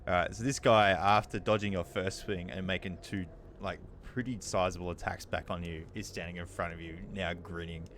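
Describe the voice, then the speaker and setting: A man narrating as dungeon master of a tabletop game, talking loosely with many fillers and pauses. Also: low-pitched, steady tone, fairly bright tone, a little hiss or hum.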